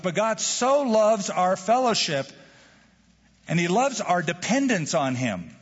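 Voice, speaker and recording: A man preaching a sermon as a pastor, animated, acting out quoted prayers with jokes. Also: on the high side, husky. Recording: dull lo-fi sound with hall reverb.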